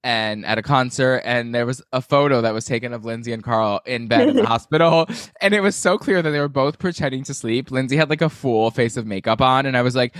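A man's voice: mid-range voice, brisk, hardly any pauses, a bit bright, no room sound, clean studio sound. A man co-hosting a podcast, chatting casually and animatedly, gossiping and swearing freely. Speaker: podcast co-host. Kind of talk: casual chat.

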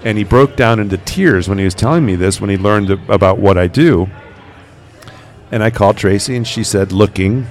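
A man, a paranormal investigator, telling stories in a relaxed interview and acting out the quoted voices. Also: on the low side, a little fast. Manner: animated, acts out quoted voices. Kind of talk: conversational interview storytelling.

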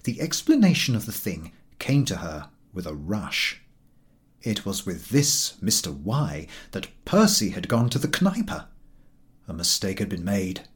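Man reading a story with a wildly lively voice. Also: sits low, measured pace. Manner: dramatic, expressive storytelling. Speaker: audiobook narrator. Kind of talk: expressive scripted narration.

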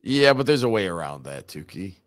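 A man's voice: low-pitched, big pitch swings, brisk, no room sound. A man co-hosting a casual live show, laid-back and laughing along. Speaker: co-host.

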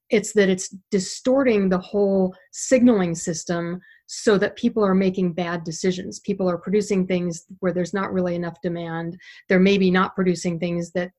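A woman's voice: medium pitch, darkish tone. Woman interviewer framing a question.

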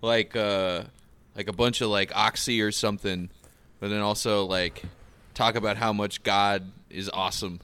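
Man from the boston area, casual joking chat, low voice, bright tone, dry sound. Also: steady tone, normal speed, clear, resonant tone, dry recording. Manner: joking, laid-back, filler-heavy.

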